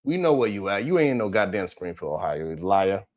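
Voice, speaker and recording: A man's voice: low-pitched, sing-song, moderate pace. A man hosting a live stream, reading the chat and talking in a blunt, heated, profane way.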